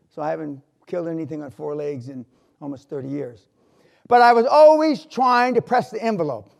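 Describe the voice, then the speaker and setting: Speaking live in a university hall, an older man delivers a motivational talk, his storytelling blunt and laced with swearing as his volume rises and drops. He has a high-pitched voice marked by vocal fry.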